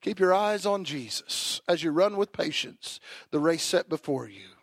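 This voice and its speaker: A male preacher delivering an emphatic sermon, swinging from quiet asides to shouted declarations. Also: fairly high pitch, big pitch swings, normal speed, dry recording, studio quality.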